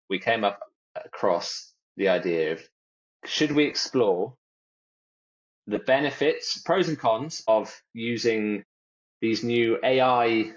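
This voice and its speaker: A podcast co-host with a lowish voice chats casually, rambling, joking, and mimicking other people's phrases. The high frequencies of the recording are cut off.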